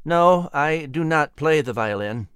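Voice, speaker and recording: A shy young gentleman answers stiffly and modestly, as a man plays him. The voice moves through a lively pitch range and is recorded dry and close. He comes across as bookish and awkward in company. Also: normal speed, dry recording. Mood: reserved. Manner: stiff, reserved. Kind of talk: storybook reading.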